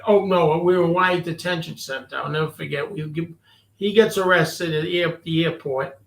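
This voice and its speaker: Animated storytelling man with gravelly voice. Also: a little high, moderate pace. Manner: animated, acts out quotes in the story. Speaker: storyteller guest. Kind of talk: casual storytelling chat. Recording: echoey room.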